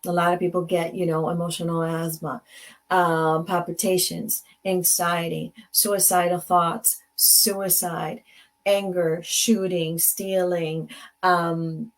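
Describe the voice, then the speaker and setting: Woman host with a low voice. Casual motivational speaker, switches into Spanish and acts out exchanges. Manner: conversational, mixes in Spanish phrases, acts out dialogue. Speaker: advocate.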